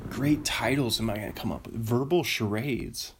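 A man hosting a casual podcast, rambling and joking at himself, who breaks into silly high-pitched bits before reading a plot recap. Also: moderate pace, slight background noise. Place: home.

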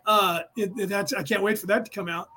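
Fast-talking middle-aged man from the Bay Area. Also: high voice, fairly even intonation, sharp tone. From San Francisco Bay Area. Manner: rapid, rambling, restless delivery. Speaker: podcast host teaching a class. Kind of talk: casual spiritual lecture.

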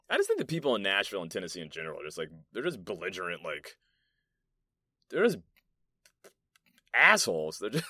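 Deep-voiced profane New York man rambling. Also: sing-song, normal speed, long pauses, bright, forceful tone, dry recording, studio quality. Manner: rambling, profane, storytelling with many fillers. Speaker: podcast host. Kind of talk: casual solo podcast monologue. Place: soundproof meeting room in an apartment complex.

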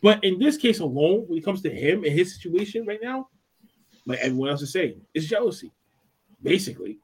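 Husky, high-voiced man giving his take. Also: very animated, a little fast. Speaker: podcast co-host. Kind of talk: casual commentary.

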